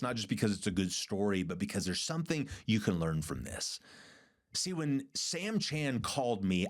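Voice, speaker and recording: A middle-aged man hosting a podcast, telling a leadership story in an earnest, emphatic way and repeating words for stress. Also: fairly low pitch. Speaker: podcast host and church leader. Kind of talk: storytelling monologue.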